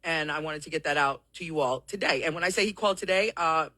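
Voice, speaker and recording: A woman hosting a live-streamed talk show, hoarse from coughing and a little out of breath, apologetic as she explains things at length to her viewers. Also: low voice, fast, sharp tone, no room sound.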